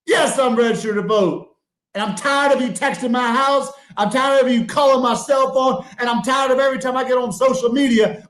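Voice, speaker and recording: High-voiced man ranting with exasperation. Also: moderate pace, roomy sound. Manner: exasperated, mocking, bursts into shouting. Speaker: podcast segment regular. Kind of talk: comedic rant.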